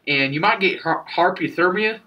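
A man's voice: high-pitched, normal speed, recorded from a distance, highs cut off, natural voice. A young man playing a rambling Texan local being interviewed in a comedy sketch, stumbling over his words. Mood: bumbling. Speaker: street interviewee.

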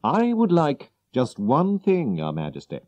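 A man's voice: fairly high pitch, huge pitch swings, unhurried, darkish tone, voice pushed up. A man voicing a cool, reserved detective in a storybook reading, with clipped delivery. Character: cool, reserved middle-aged male detective.

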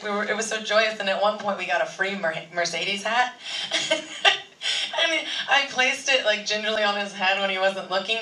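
Woman, bright tone, giggly, rambling, convention panel, far off in a big echoey hall. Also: medium pitch. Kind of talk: animated anecdote-telling. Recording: echoey hall, far from mic, faint noise.

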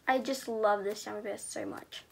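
A teenage girl reviewing squishy toys in a casual, gushing way, sometimes dropping to a soft murmur. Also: mid-range voice, fairly even intonation, normal speed, vocal fry, slight background noise. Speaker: squishy haul vlogger.

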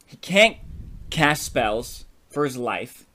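A young man co-hosting a podcast, telling a silly story idea in an animated, playful way. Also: mid-range voice, takes it slowly. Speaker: podcast co-host. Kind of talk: casual brainstorming chat.

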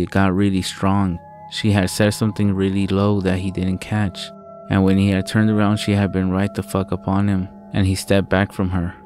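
A man narrating a first-person horror story in a slow, deliberate, profane way. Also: low voice, a little mellow.

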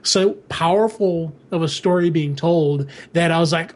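Casting note: high-pitched male podcast co-host, emotional and animated, laughs a lot. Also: measured pace, few pauses. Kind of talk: casual podcast chat about comics.

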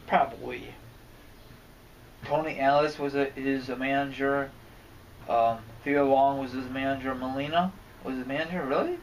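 A man's voice: mid-range voice, fairly even intonation, normal speed, lo-fi sound. Guy ranting on his vlog, swears a lot, sits back from the mic, bit of hiss behind. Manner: rambling, cursing, easily irritated. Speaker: wrestling fan vlogger. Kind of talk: casual rant. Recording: distant mic, faint background noise.

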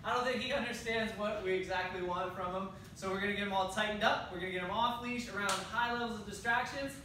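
A man's voice: steady tone, fast, sharp tone. A man who trains dogs, talking casually to the camera with a friendly manner. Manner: friendly, praises dog in high sing-song bursts. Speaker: dog trainer. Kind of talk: casual video talk. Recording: echoey, far from mic, noisy background.

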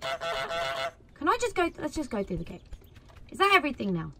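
A woman commentating her own gameplay in an excitable way, cheering, shouting and laughing at the screen. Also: high-pitched, normal speed, noisy background. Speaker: gaming video creator. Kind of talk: let's play commentary.

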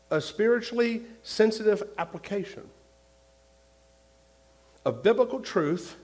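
A male pastor preaching a sermon, repeating his points and swinging between loud and hushed. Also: high-pitched.

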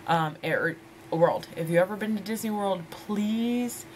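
A woman's voice: medium pitch, measured pace, a little hiss or hum. A woman in her twenties chatting casually to camera as a vlogger, rambling and laughing as she addresses her viewers as ladies. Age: 20s.

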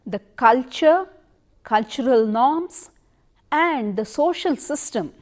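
A woman giving an educational lecture, speaking deliberately and stressing words to make her points. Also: high-pitched, expressive, darkish tone. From India.

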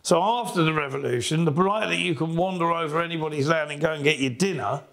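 Blunt guy, middle-aged, gravelly voice, a bit high, jokey and opinionated. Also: fast talker, fairly bright tone. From England. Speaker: podcast co-host. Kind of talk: casual chat.

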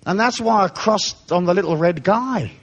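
A man's voice: high voice, moderate pace, a bit bright, breathy edge, dull audio. A man giving a live spiritual lecture, irreverent, joking and profane. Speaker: spiritual speaker.

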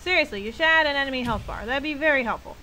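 A woman casually commenting while playing a video game, joking, swearing and shouting at enemies. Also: high voice, rapid-fire, a little hiss or hum, rough recording. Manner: playful, swearing, voicing game characters. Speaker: game streamer. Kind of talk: gameplay commentary.

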